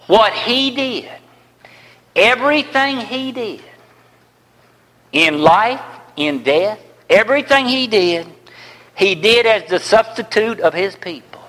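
A high-pitched man preaching slowly in a church sanctuary, repeating phrases for emphasis. He swings from ringing declarations to hushed near-whispers. His voice trails off in the long reverb of a large hall. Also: lively intonation. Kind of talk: sermon.

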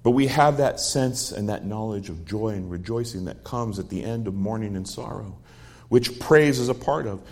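A man's voice: lowish voice, moderate pace, a little mellow. A middle-aged man preaching a sermon, expounding a psalm verse by verse and telling stories from his own life in an earnest way. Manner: earnest storytelling with quoted dialogue.

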